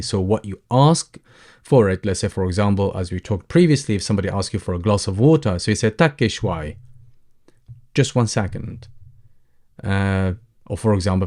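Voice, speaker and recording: A man teaching a language lesson, repeating each phrase slowly and deliberately. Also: low voice, creaky, a little mellow. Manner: slow, deliberate repetition of phrases.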